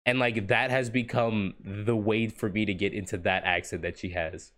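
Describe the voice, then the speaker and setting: Low-voiced young man rambling in chat. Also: steady tone, moderate pace, a bit bright. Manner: rambling, laughs often. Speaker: podcast co-host. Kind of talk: casual chat among friends.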